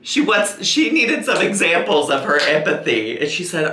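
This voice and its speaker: Man, sarcastic commentary, bright tone, roomy sound. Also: a little high, sing-song, moderate pace, few pauses. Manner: sarcastic, teasing. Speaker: commentary YouTuber. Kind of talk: reaction commentary.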